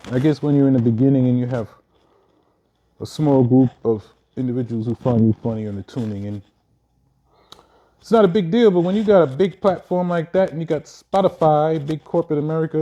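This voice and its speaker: A young man doing casual comedic commentary, animated and quick to slip into acted voices and asides. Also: a little high. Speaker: comedian vlogger.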